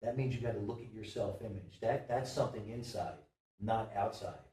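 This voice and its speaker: A man speaking as a guest in a motivational chat, emphatic and animated, often repeating words as he makes his point. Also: fairly low pitch, moderate pace. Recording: roomy, distant from the mic.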